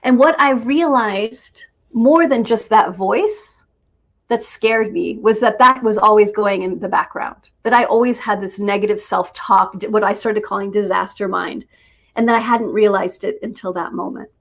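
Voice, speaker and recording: Woman teacher telling a story. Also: mid-range voice. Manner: unhurried, storytelling, thoughtful pauses. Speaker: spiritual teacher and author. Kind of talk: reflective teaching talk with personal story.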